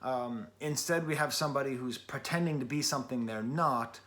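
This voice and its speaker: A man's voice: mid-range voice, brisk, a bit bright. A man giving a casual spoken album review in a loose, chatty way, full of "like" and "sort of" fillers.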